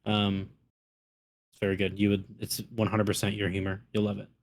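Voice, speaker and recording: A man's voice: on the low side, completely flat delivery, brisk. A man with a Minnesota accent telling stories and chatting casually on a podcast, profane and laid-back. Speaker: podcast co-host. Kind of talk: casual chat.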